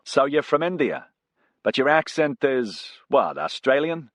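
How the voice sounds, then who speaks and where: A man voicing a brash, loud American pilot. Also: medium pitch, very animated, unhurried, no room sound, clean studio sound, voice pushed up. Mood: teasing. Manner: teasing, loud. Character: brash joking male American helicopter pilot.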